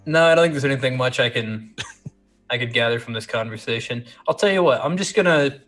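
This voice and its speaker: Male player, mid pitch, relaxed joking game chat. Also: brisk, faint music behind. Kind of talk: casual tabletop game chat.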